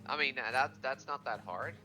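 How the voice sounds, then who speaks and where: Male player, very bright forceful tone, casual and halting. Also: medium pitch, soft background music. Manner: hesitant, full of fillers. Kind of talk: casual tabletop gaming chat.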